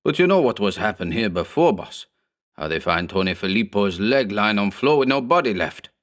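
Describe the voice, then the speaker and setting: A man's voice: on the low side, expressive, normal speed, fairly bright tone. A man voicing a burly, superstitious immigrant thug who speaks broken English, in a horror audiobook. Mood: pleading. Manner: broken English, whining and pleading. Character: burly hog-necked male immigrant thug, superstitious, fearful.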